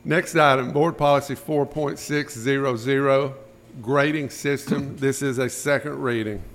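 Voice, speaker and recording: A man chairing a school board meeting, running through motions and votes in a brisk, routine manner. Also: mid-range voice, steady tone, a bit bright. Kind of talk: formal meeting procedure.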